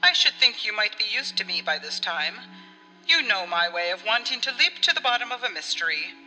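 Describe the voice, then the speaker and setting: A woman's voice: medium pitch, very animated, sharp tone, pitched above the performer's own voice. A woman doing a brusque brother feigning ease. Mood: forced ease. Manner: brisk, with forced ease. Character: forceful middle-aged brother hiding his dread. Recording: long reverb with faint music.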